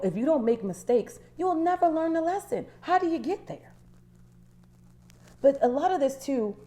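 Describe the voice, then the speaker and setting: A woman life coach speaks straight to her viewers in a motivational talk. Her voice sits a little high but sounds mellow and warm. She hammers her points with emphatic repetition, then drops into quiet, low asides. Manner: preachy and emphatic, repeats key phrases.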